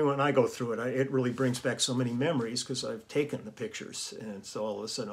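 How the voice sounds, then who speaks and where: A man's voice: medium pitch, a bit bright. A man hosting his own vlog, telling a casual, rambling story with chuckles and fillers. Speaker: vlog host and musician.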